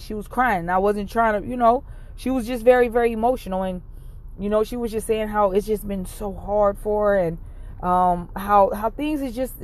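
A woman's voice: mid-range voice, darkish tone. A woman tells a story on her own podcast, recorded from inside her parked car. Her talk is casual and chatty, and she keeps turning to address her listeners directly. She sounds encouraging and upbeat throughout. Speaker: podcast host. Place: parked car, rain outside.

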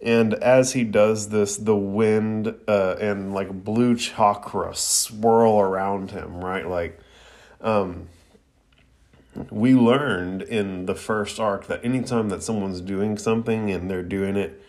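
A man reviewing an anime episode in a casual, slangy, excited way, laughing often. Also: on the low side, takes it slowly.

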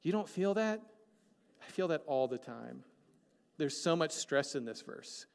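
A man preaching a sermon as pastor, animated and joking, asking the congregation many questions. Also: a little high, unhurried, gravelly. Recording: long hall reverb.

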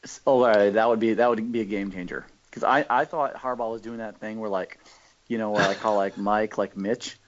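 A man co-hosting a podcast, casually telling animated stories and mimicking people. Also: lowish voice, brisk. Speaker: podcast co-host. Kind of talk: casual chat. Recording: dull lo-fi audio.

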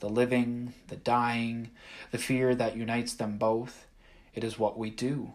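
A man voicing an ancient, evil ship spirit with a deep, dark, haunting voice. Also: completely flat delivery, a little slow, close to an everyday voice. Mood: menacing.

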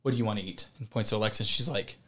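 A man's voice: fairly low pitch, rapid-fire, a bit bright. A man co-hosting a podcast, telling a long story in casual chat, rambling and digressive, with some swearing. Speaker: podcast co-host.

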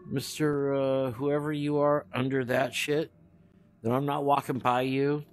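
A man's voice: medium pitch, flat delivery, a little slow. A man giving casual, joking commentary as he walks through an old hotel, talking aloud to empty rooms, recorded on a camera mic while he moves. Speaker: cannabis podcast host touring a haunted hotel. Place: old hotel building, indoors.

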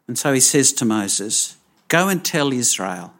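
Slow, emphatic male preacher. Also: mid-range voice, very animated, a bit bright. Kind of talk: sermon.

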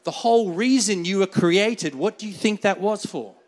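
A man's voice: sits high, moderate pace. A man preaching a conversational sermon, calling for amens and laughing often as he brings a volunteer on stage. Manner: conversational, asks the crowd for amens. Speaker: pastor. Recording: long reverb of a large hall.

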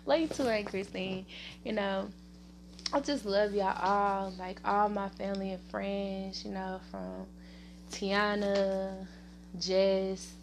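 A woman with a Southern US accent hosting her own podcast, rambling casually, laughing often and giving shout-outs to family and friends. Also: medium pitch, flat delivery, slow pace, slight background noise. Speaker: podcast host. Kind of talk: casual solo podcast chat.

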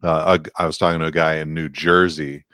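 A man co-hosting a podcast, from California, talking in a relaxed, rambling way with lots of fillers. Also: a bass voice, fast talker, dry recording, clean studio sound. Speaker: podcast co-host. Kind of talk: casual chat.

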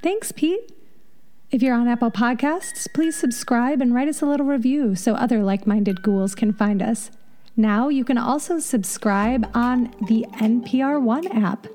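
A woman hosting a podcast, telling a spooky folk tale in a measured, dramatic, scripted narration and then reading the show notes. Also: on the high side, mellow, a little hiss or hum. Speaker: podcast host.

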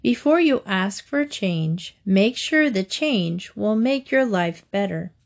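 A woman's voice: mid-range voice, lively intonation, takes it slowly. A woman voicing a stern male king of the gods in a storybook fable, lecturing and scolding.

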